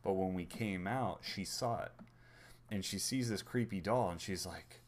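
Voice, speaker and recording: A man's voice: sits low, normal speed. A man in his thirties, a podcast co-host, telling rambling family anecdotes in casual chat and acting out the quotes.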